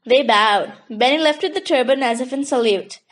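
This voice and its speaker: Steady children's audiobook narrator, woman, bright high register. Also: moderate pace, poor audio. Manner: steady storytelling. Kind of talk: scripted children's book narration.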